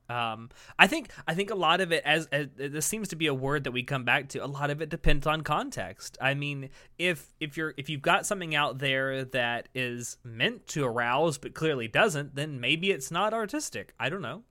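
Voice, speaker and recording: A man's voice: a little high, expressive, moderate pace, few pauses, sharp tone. A young man co-hosting a podcast, earnest and hedging, often restarting to rephrase his point. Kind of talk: casual debate chat.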